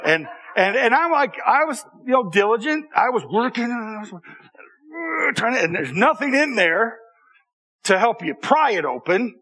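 Storyteller, male, high bright voice, chatty and animated with audience asides. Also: normal speed, slightly rough. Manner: animated, conversational, with repeated restarts and audience asides. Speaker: speaker telling a personal story to an audience. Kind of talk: storytelling talk.

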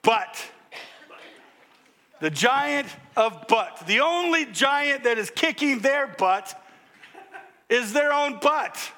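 A high, bright-toned older man preaches with playful humor, drawing the congregation into call-and-response. He takes his time, then bursts out with loud exclamations to drive a point home. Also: expressive, takes it slowly. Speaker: pastor. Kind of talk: sermon.

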